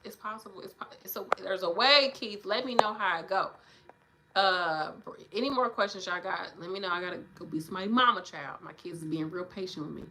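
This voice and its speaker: A woman nurse in her thirties chatting casually on a livestream, animated and preachy, addressing viewers directly. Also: mid-range voice, a little fast, a little hiss or hum. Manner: animated, preachy, talks straight to viewers with "y'all" and "child".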